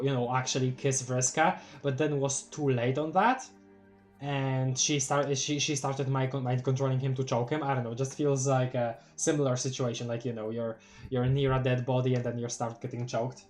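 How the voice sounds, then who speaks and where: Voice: mid-range voice, moderate pace, soft background music. A streamer with a Polish accent reading a webcomic aloud on a live read-along, breaking off to react with laughs and exclamations. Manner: expressive, reads captions aloud then reacts with laughs and exclamations.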